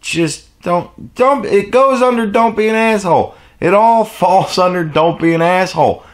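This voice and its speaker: A man's voice: high voice, a little slow. A man telling a rambling, profane story in a casual vlog rant. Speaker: vlogger.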